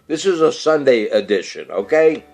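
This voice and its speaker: A man's voice: mid-range voice, sing-song, normal speed, gravelly, a little mellow, soft background music. A middle-aged man, hosting a casual show and rambling through birthdays and weather with many fillers and restarts. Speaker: radio-style show host.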